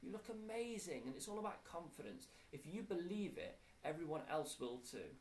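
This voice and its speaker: A man's voice: fairly high pitch, sing-song, moderate pace, reverberant, a little hiss or hum, pitched above the performer's own voice. A male teacher voicing Lisa, a cheerful, eager schoolgirl who talks in a bubbly, coaxing way.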